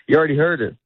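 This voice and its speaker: Here a middle-aged comedian guest chats loosely, wandering from point to point, cutting himself off and laughing often. His voice is a little high and slightly rough, heard through a dry, phone-like recording.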